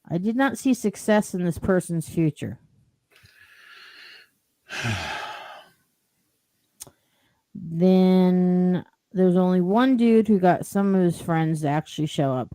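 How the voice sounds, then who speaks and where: A woman's voice: on the low side, warm tone, no room sound. Rambling woman telling a story. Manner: rambling, with lots of "like" and "you know". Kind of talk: casual storytelling.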